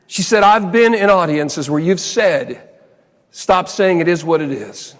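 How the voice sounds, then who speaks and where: A man's voice: high-pitched, measured pace. A man giving a motivational keynote, telling a funny story that turns earnest, in a big hall. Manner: animated comic storytelling that turns quiet and earnest. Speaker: motivational speaker. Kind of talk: storytelling keynote speech to a live audience. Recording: long hall reverb from a large venue.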